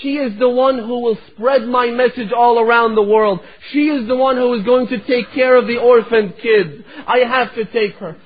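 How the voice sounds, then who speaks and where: A grieving father speaks tenderly and firmly to his sick daughter, played by a man mid-sermon. His voice is husky and fairly high. The recording is thin and phone-like. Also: normal speed, hardly any pauses. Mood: sorrowful. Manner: tender, sorrowful, emphatic.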